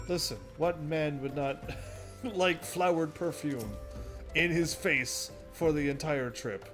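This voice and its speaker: A young man chats his way through a game, cracking jokes and laughing to himself. His voice sits fairly high. Faint game music runs underneath. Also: slow. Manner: jokey, laughs often, talks to himself. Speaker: gaming streamer. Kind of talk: casual let's-play commentary.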